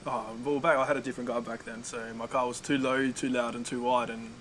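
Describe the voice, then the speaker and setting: A young man talking quickly in a casual podcast chat. He is a barista and pizza maker, laid-back but animated when he tells a story. A faint hum of ambience sits behind him. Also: medium pitch, poor audio.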